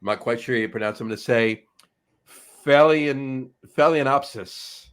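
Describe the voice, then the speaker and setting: A man's voice: lowish voice, level tone, racing, a bit bright. A man co-hosting a casual beer podcast, rambling, losing his place and chuckling often. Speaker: podcast co-host. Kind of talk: casual chat.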